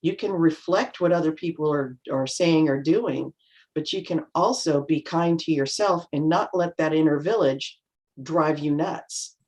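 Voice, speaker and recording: A middle-aged woman on a video call, chatting reflectively as a panel guest and acting out remarks in lively voices. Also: low voice, unhurried. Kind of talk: casual chat.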